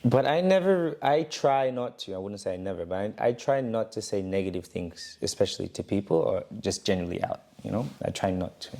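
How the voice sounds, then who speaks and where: A man's voice: on the low side, expressive, a little fast, gravelly, hardly any pauses, dark tone. A man telling the story of his fight camp in a casual podcast chat, acting out quotes from the people around him. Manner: retells with acted quotes and laughs.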